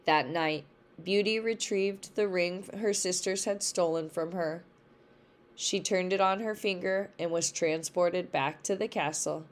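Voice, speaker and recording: A woman teacher reading a storybook aloud for a lesson, slow and careful. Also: on the low side. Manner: slow, careful read-along pace.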